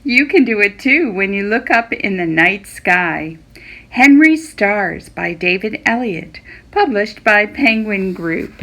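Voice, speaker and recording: Slow expressive woman reading aloud. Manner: slow, expressive, voicing animals with pitch jumps. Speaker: children's librarian reading aloud. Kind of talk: read-aloud storytelling.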